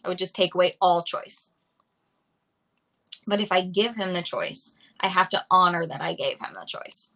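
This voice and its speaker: A woman's voice: fairly low pitch, normal speed, gravelly, bright, forceful tone, poor audio. A woman dog trainer on a live stream, talking through viewer questions and repeating simple examples to explain her point.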